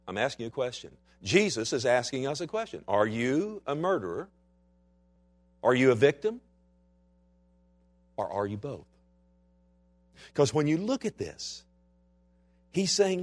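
Impassioned preaching man, fairly high voice. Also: sing-song. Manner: dynamic preaching, swinging from quiet low asides to loud, slow emphatic lines. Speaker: pastor. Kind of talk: sermon.

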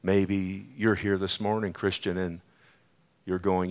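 A middle-aged man preaching a sermon with an altar call, swinging between booming quoted scripture and hushed, whispered pleading. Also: little pitch movement, slow. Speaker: pastor. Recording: faint music underneath.

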